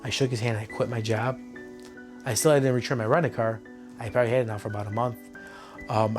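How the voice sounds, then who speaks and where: A man recounts personal memories in a documentary interview, often quoting what others said. His pitch is ordinary and his speech loose. Music plays under the interview. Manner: storytelling, retells dialogue, many fillers. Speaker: interviewee telling his story.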